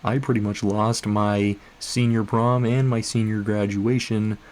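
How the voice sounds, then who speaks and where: A young adult male YouTuber telling a story in a relaxed, wry, conversational way. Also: fairly low pitch, a little slow. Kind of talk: storytime narration.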